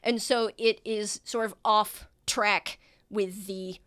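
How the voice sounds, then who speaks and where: Brief: woman game master, mid pitch, halting casual narration, dry close sound. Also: steady tone, fairly bright tone, clear, resonant tone, dry recording. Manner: casual, hesitant with fillers.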